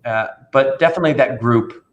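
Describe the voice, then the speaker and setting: In a relaxed interview, a children's magician with a mid-range voice talks briskly and tells stories with animated energy, slipping into playful voices for the people in them. The audio sounds dull.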